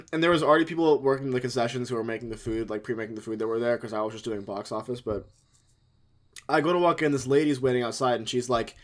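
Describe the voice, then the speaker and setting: A young man co-hosting a podcast, telling a story in casual chat with animated energy. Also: medium pitch, fast. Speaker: podcast co-host.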